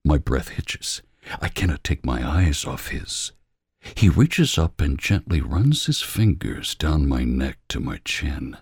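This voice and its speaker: Man, audiobook narration, very deep, gravelly, husky, slow, hushed. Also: sing-song, dry recording, studio quality. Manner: slow, hushed, often whispering. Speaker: audiobook reader. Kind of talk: scripted narration.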